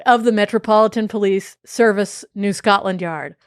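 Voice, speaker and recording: A woman's voice: medium pitch, normal speed, clean tone, no echo, lightly acted. A retired police inspector with a broad Australian accent, as a woman puts him on. He recounts in an earnest, official tone, in a very dry, close recording. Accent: Australian, put on.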